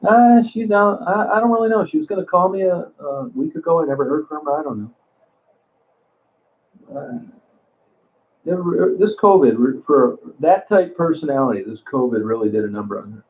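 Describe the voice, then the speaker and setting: A man's voice: medium pitch, animated, moderate pace, long pauses. Crude rambling man on a tinny line. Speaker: livestream host. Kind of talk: casual live chat reading comments. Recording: tinny phone-like sound.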